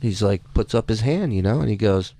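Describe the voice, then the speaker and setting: A man hosting a radio show, telling a story in a loose, profane, animated way. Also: fairly low pitch, a little fast, no echo. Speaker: radio host. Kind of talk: casual radio chat and storytelling.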